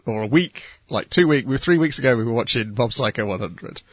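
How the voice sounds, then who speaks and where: A man chatting casually on a podcast, making measured, analytical points. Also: medium pitch, animated, no echo. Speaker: podcast co-host. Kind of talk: casual chat about anime.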